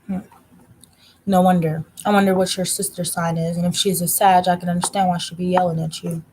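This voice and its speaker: A woman tarot reader chatting casually on a livestream, telling a story in a blunt, profane rant and slowing down to stress her points. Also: lowish voice, little pitch movement, background noise.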